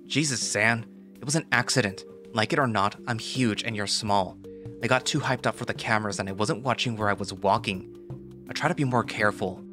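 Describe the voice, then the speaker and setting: A man voicing a huge, gruff male dinosaur fighting champion, grumbling in a low, urgent tone. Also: brisk, close to an everyday voice. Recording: voice over loud background music.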